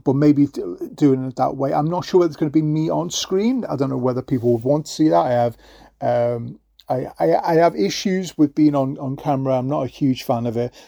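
A man's voice: on the high side, a little fast, creaky, dark tone, no echo, studio quality. A man hosting his own podcast alone, talking in a loose, rambling way with lots of fillers and restarts. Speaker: podcast host. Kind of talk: solo podcast monologue.

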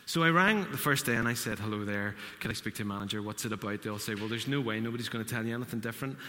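A man's voice: lowish voice, rapid-fire, bright, forceful tone, a little hiss or hum. A man preaching a sermon, telling a story and acting out the quotes. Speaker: pastor. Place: church hall. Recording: church hall reverb.

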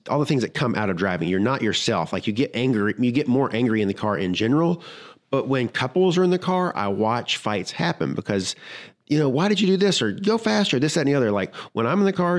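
A married man co-hosting a casual talk show about marriage, telling stories and acting out the people in them. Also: lowish voice. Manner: animated storyteller, acts out quoted lines. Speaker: podcast co-host. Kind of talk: casual marriage advice chat.

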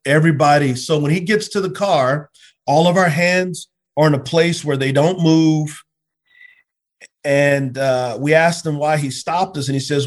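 A middle-aged man, a pastor, telling personal stories in an earnest, animated way with frequent stammered restarts. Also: fairly high pitch, moderate pace. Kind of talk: conversational storytelling.

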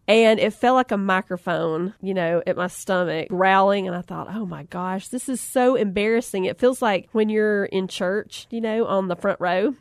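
A middle-aged woman, telling a funny personal story, chatty and animated, laughing often and acting out the voices she quotes. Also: a little high, no room sound, clean studio sound. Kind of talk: humorous storytelling talk.

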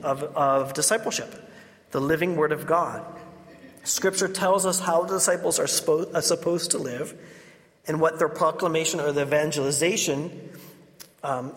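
A man's voice: fairly high pitch, fairly bright tone. A man, a Catholic priest, preaching a sermon and telling stories with laughing asides. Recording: reverberant hall.

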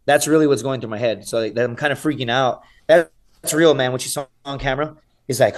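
Animated man telling a story casually. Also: mid-range voice, fairly quick, slight background noise. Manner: animated, swears freely, says "dude" and "right?" often. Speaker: podcast guest, survival show contestant.

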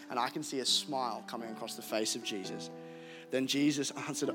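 Aussie pastor guy preaching live, jokey and animated, faint music under him, echoey hall. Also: mid-range voice, normal speed. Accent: Australian. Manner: animated, jokey, laughs at himself. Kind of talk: live sermon. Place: church hall.

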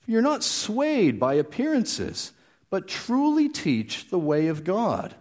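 A man voicing a scheming religious leader who flatters in a sugary, mock-reverent way during a sermon. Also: high voice, slow pace, voice pushed up, full character voice. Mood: flattering.

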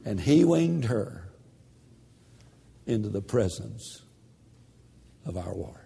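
An older man preaching a sermon, telling a story in a slow, dramatic delivery that drops to a hush. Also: fairly low pitch, sing-song, gravelly, in a large hall, slight background noise.

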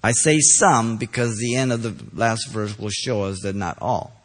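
A man preaching an expository sermon, stressing key phrases loudly and then dropping low, pausing to ask listeners if they are following. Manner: asks the congregation checking questions.

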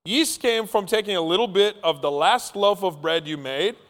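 A man's voice: high-pitched, normal speed, a bit bright. A man preaching a sermon, telling stories playfully and acting out the scenes. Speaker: pastor. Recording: long reverb of a large hall.

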